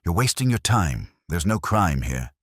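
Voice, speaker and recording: A man doing a slow, sardonic older smuggler. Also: low-pitched, sing-song, slightly rough, no room sound, clean studio sound, full character voice.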